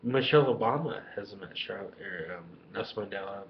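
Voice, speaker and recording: A man's voice: fairly low pitch, expressive, moderate pace, vocal fry, lo-fi sound, background noise. A man rambling crudely and lovestruck in a webcam monologue at home. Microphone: webcam microphone.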